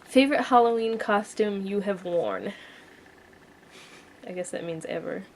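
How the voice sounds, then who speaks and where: A woman's voice: medium pitch, measured pace, low-quality recording. A young woman hosting a casual chat video at home, reading out questions in a chatty, teasing way. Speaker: vlogger host.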